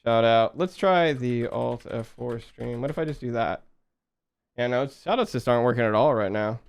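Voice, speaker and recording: A young man chatting casually with his viewers while coding on a live stream, relaxed and quick to laugh. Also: mid-range voice, vocal fry, clear, resonant tone, no echo. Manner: laid-back, chatty, laughs often, talks to chat.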